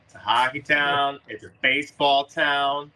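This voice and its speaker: A man's voice: medium pitch, steady tone, measured pace, sharp tone. A man co-hosting a casual sports chat over a video call, joking in an easygoing way. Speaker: co-host.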